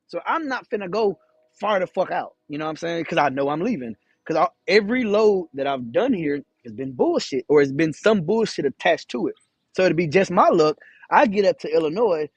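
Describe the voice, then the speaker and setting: A man's voice: high voice, expressive, brisk, breathy edge, no room sound. A man, a truck driver telling a story in a casual vlog, talking candidly with some swearing and acting out the voices of the people in it. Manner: candid, profane, acts out quoted dialogue.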